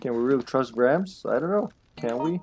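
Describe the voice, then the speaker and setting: A man live-streaming a video game, chatting casually, laughing often and greeting viewers loudly by name. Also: medium pitch, animated, moderate pace, dull audio, soft background music.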